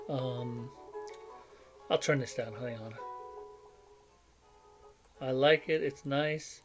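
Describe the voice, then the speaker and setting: With music in the background, a middle-aged vlogger talks extremely slowly at medium pitch, pausing often. Suffering a cough and headache, he rambles casually at his home desk microphone, leaning on fillers and self-deprecating remarks.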